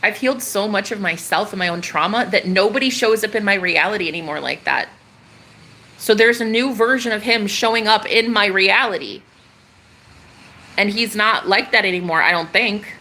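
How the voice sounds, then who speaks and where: A woman's voice: medium pitch, moderate pace, bright, forceful tone. A young woman talking casually on a livestream, rambling and swearing as she addresses her viewers.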